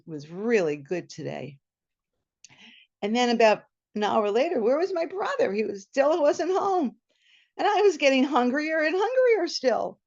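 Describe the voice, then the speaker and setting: A woman telling a personal story at a storytelling event, animated and acting out the scene, over a video call. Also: medium pitch, creaky. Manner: animated, laughing, acts out the scene. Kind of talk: personal story told live. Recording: muffled video-call audio.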